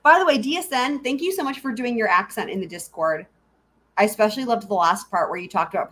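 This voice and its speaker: A woman's voice: medium pitch, fast, fairly bright tone. A woman hosting a live stream, chatting casually and giggling as she answers her viewers.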